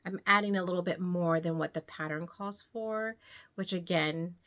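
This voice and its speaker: A woman talks casually to her viewers about her projects, a little out of breath from pregnancy. She rambles, circles back and laughs easily in a relaxed, chatty way. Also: fairly low pitch, moderate pace. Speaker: knitting vlogger. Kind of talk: casual chat to camera.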